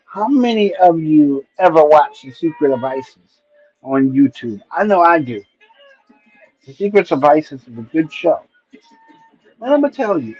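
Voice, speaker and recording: A middle-aged stream host with a slightly raised, higher-pitched voice tells relaxed, nostalgic stories at a loose, wandering pace, checking in often with "right?" and "you know." His streaming mic gives a dull, lo-fi sound with a muffled top end.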